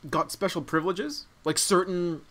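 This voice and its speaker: A man's voice: high-pitched, normal speed, fairly bright tone. A young man hosting a casual podcast chat, telling a rambling story full of fillers. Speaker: podcast host.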